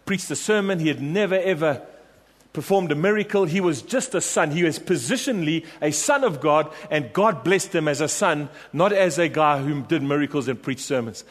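Impassioned preacher in a reverberant hall. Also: male voice, a little high, expressive, normal speed. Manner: emphatic, repetitive, rallying the congregation. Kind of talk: sermon. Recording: long reverb of a large hall.

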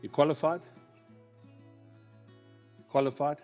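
Pastor preaching with humor. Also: male voice, fairly high pitch, fairly even intonation, measured pace, darkish tone, faint music behind. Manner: storytelling, humorous, call-and-response with congregation. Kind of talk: sermon.

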